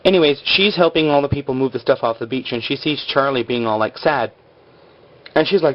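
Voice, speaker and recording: Speaking a little fast at a medium pitch, a man chats his way through a TV episode recap illustrated with stick figures. He rambles, says "like" constantly, and acts out quotes, all captured in dull audio.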